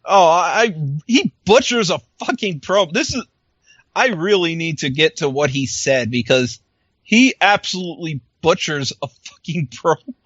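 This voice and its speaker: Recapping casually on a podcast, a man with a slightly high, fairly bright voice speaks at a moderate pace with lots of animation. He acts out lines and laughs often, and while there's no echo, the recording sounds muffled.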